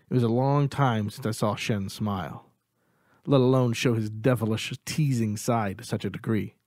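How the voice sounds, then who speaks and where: A man reading a first-person audiobook in a steady, even storytelling delivery. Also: on the low side, no room sound, clean studio sound. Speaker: audiobook narrator.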